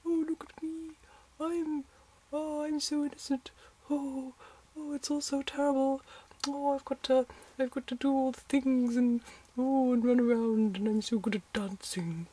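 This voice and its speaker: A man putting on a prissy falsetto girl. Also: steady tone, unhurried, hardly any pauses, mellow. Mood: simpering. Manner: breathy, sighing falsetto. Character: prissy, innocent young woman, dainty and sighing. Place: bedroom, in bed.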